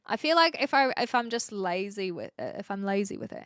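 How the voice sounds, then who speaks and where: Lively New Zealand woman streamer. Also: a little high, moderate pace, no room sound, clean studio sound. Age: 20s. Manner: laughs often, chatty and self-deprecating. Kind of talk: casual chat with live viewers.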